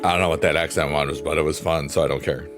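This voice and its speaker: A man hosting a livestream, chatting casually and jokingly as he reads out the chat. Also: a bass voice. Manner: rambling, jokey, reads chat aloud. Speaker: livestream host. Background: piano.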